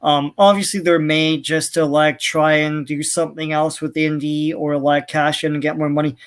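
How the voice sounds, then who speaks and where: Co-host, male, upper-mid pitch, wry and amused delivery. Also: little pitch movement, moderate pace, smooth. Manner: wry, laughs while talking. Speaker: podcast co-host. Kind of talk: casual film discussion.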